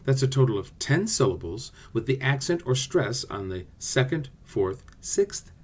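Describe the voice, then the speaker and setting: A man's voice: medium pitch, measured pace, breathy edge. A man teaching a class video, explaining poetic rhythm in a playful way and sounding out beats. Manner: lively, playful teaching voice with sung-out rhythm syllables.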